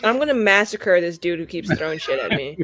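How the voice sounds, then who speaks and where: Woman player, casual rambling chat, lively pitch. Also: brisk. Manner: rambling, filler-heavy, swears.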